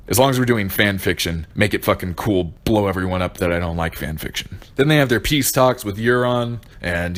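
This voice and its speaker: Young male reviewer, very deep voice, sarcastic and swearing in rapid outbursts. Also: a bit bright. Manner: profane, sarcastic, bursts of exasperation. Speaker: video reviewer. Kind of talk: ranting review.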